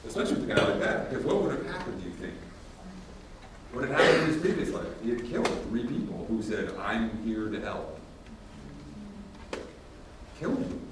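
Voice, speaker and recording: A man gives a workshop talk, telling stories casually and acting out the dialogue with lively emphasis. He sounds far from the microphone in a very echoey hall. Faint ambient noise runs underneath. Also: mid-range voice, fast. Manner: casual, animated, acts out dialogue. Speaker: workshop presenter. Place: large room with audience.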